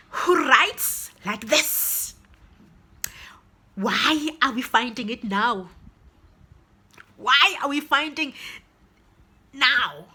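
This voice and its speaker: A woman with a Zimbabwean accent giving an excitable, gushing book review vlog, with laughing, breathless asides. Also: high voice, slightly rough.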